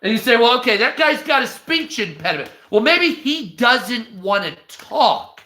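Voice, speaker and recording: High, bright-voiced man ranting. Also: normal speed, echoey room. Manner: profane, animated, acts out quoted voices. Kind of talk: casual ranting commentary.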